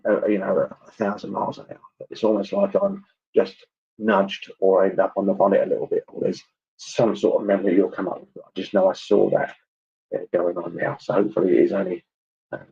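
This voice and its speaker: A man giving a clairvoyant reading at a church service, chatty and halting, with many ums and asides. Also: low-pitched, gravelly, breathy edge, muffled recording. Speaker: spiritualist medium.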